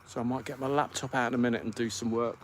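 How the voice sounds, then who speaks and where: A man's voice: mid-range voice, fairly even intonation, quick pace, slight background noise. Chatty British man hosting a live stream. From United Kingdom. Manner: chatty, rambling, reads viewer comments aloud. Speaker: podcast host. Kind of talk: casual live-stream chat.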